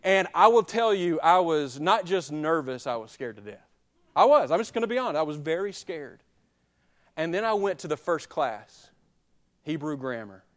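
A man, preaching a sermon that moves between quiet personal confession and loud, emphatic exhortation. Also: on the high side, big pitch swings, moderate pace. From Alabama. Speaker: pastor.

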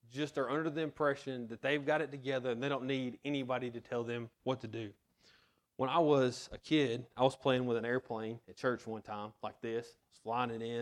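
A man preaching a sermon to his church in an earnest way, reading scripture and telling a personal story. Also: mid-range voice. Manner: earnest, tells personal anecdotes. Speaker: pastor.

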